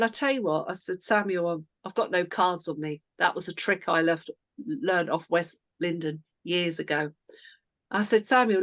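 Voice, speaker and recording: A woman's voice: fairly low pitch, no room sound. A woman team coach talking casually to her team, telling a chatty story that she keeps interrupting with asides.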